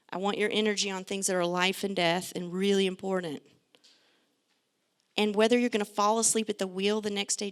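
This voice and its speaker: A middle-aged woman, a pediatrician, giving a lively, joking and direct talk to parents. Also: medium pitch, smooth. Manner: chatty, direct, joking asides.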